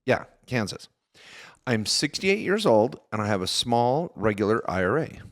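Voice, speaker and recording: A man's voice: mid-range voice, big pitch swings, normal speed. A man co-hosting a podcast, bantering and teasing in a playful way. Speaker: podcast co-host.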